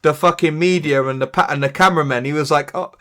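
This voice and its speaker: A young man, co-hosting a podcast, chatting about football in a sweary, animated way. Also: on the high side, fast talker. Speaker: podcast co-host. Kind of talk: casual chat.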